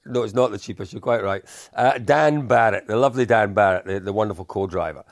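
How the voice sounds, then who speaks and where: An older man, telling lively anecdotes in a casual podcast chat, often laughing and repeating himself. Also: fairly low pitch, a little fast, dry recording, clean studio sound. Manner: animated anecdotes with frequent laughs and repetitions. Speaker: podcast co-host.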